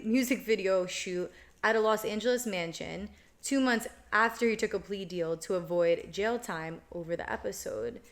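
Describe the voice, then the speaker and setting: A young woman co-hosting a casual podcast as a law student, relaxed and agreeable in her talk. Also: medium pitch.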